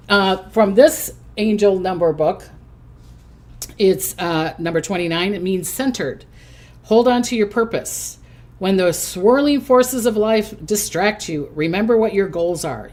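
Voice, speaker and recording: Bubbly, hyper older woman. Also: medium pitch. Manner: chatty, bubbly, giggly. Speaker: psychic host. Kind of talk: casual livestream chat. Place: home, in a recliner.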